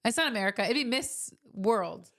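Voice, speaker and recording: A woman's voice: fairly high pitch, animated, a little fast, a bit bright. A woman co-hosting a comedy podcast, chatting casually and laughing along with her partner. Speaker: podcast co-host.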